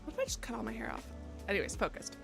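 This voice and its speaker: A woman's voice: fairly high pitch, racing, vocal fry. Rambling, self-mocking young woman streamer. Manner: rambling and self-mocking, with sudden loud excited bursts. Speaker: game streamer. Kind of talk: casual live-stream chat. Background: faint background music.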